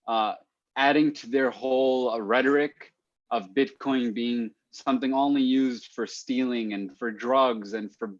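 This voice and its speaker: A man's voice: mid-range voice, no echo. A man, a podcast guest, chatting casually and thinking aloud, often repeating words as he restarts. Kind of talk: casual chat. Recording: dry, muffled lo-fi audio.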